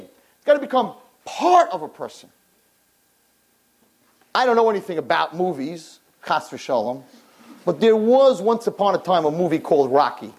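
A woman in her fifties giving a Torah class, animated, rhetorical and fast-talking. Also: lowish voice, slightly rough.

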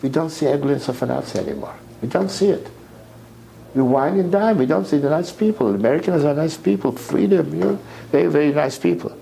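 A man giving an impassioned sermon lecture, repeating words as his voice climbs to near shouts. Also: on the high side, a little fast, gravelly, rough recording. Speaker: rabbi lecturer.

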